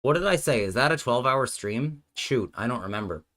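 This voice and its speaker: A man's voice: medium pitch, lively intonation, fairly quick, a bit bright. Man streaming, joking and thinking aloud. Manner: joking with chat, thinking aloud, trailing off mid-sentence. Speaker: streamer and host. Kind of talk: casual live-stream chat while working out card game plays.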